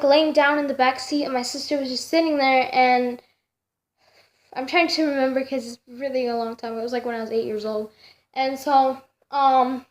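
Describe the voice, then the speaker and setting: A young vlogger with a high, light voice tells a story straight to her camera at home. Her casual storytelling rambles and circles back, packed with fillers, restarts, and self-corrections, giving it a loose, chatty feel.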